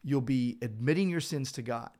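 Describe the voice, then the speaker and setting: This pastor, speaking at medium pitch and normal speed, explains Bible passages in a casual podcast chat. He brings them to life with animated storytelling, performing the quoted speech and little scenes himself.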